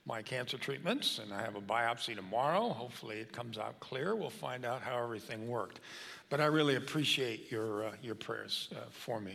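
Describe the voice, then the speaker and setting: A man's voice: medium pitch, vocal fry, fairly bright tone. Older man preaching in a reverberant church. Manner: conversational, with fillers. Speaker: guest preacher. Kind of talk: sermon. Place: church sanctuary. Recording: long hall reverb.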